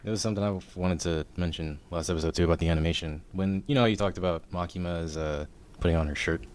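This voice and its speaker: Deep-voiced laid-back male host. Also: fast, darkish tone, smooth. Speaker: channel host. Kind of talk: casual anime discussion.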